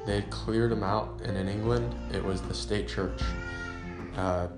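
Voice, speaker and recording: A man's voice: on the low side, steady tone, a little slow. A man reading an old sermon aloud, then talking casually about the preacher's life with many restarts and fillers. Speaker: podcast host reading a sermon. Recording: roomy sound with guitar music behind.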